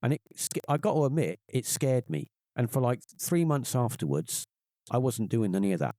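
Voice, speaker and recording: A man's voice: normal speed, no echo. A middle-aged man, telling a personal story on a podcast and acting out the voices of the people in it. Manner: animated, acts out quoted voices in a higher pitch. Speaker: podcast guest. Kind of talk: casual storytelling.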